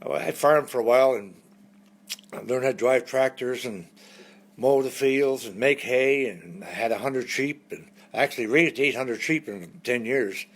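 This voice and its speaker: A man's voice: medium pitch, moderate pace. A man, telling folksy jokes and stories between songs on a live stream. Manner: folksy storyteller, lively punchlines. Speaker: entertainer.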